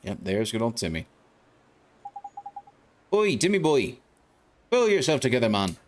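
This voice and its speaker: A man's voice: medium pitch, very animated, unhurried, a little hiss or hum. A man voicing a cheeky, bossy male fairy sidekick creature in a video game, with brash, slangy, teasing talk. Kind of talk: reading game dialogue aloud.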